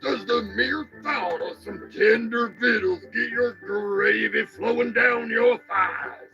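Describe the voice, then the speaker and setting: A man voicing a rowdy hillbilly pitchman in a lewd mock radio commercial, hollering folksy lines. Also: slow pace, vocal fry, sharp tone, muffled recording, soft background music, heavily acted.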